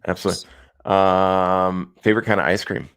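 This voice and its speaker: A man's voice: deep voice, flat delivery, moderate pace, fairly bright tone, clear, resonant tone. A young man hosting a casual live video chat, easygoing and joking, with plenty of ums. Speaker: host. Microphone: video call.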